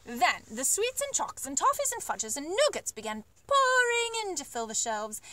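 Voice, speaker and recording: A woman reads a children's story aloud with a high, bright-sounding voice. Her delivery is expressive and animated, rising and falling freely from line to line as she tells the tale. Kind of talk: reading a children's book aloud.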